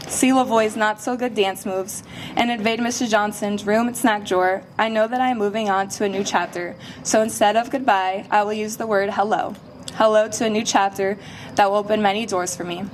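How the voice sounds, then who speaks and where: A woman's voice: mid-range voice, slight background noise. Heartfelt teenage young woman giving a speech. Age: late teens. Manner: heartfelt, earnest, a little emotional. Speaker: graduating student speaker. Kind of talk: prepared personal speech.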